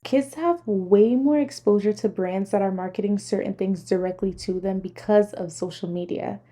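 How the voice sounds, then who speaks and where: A woman's voice: mid-range voice, normal speed, mellow, faint music behind. A young adult woman delivering scripted, earnest and critical commentary as a vlogger.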